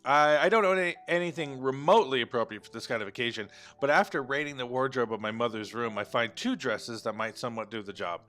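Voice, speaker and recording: A man's voice: mid-range voice, fast, hardly any pauses, fairly bright tone, faint music behind. A man playing a story game, reading the text aloud and breaking off for joking asides and self-corrections. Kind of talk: let's play narration with commentary.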